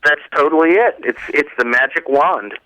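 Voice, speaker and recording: A man in his thirties calling in as a radio show guest, bantering casually and jumping into a high voice when he mocks someone. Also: normal speed, no room sound. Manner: animated, voice jumps high when mocking. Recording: call-in phone line.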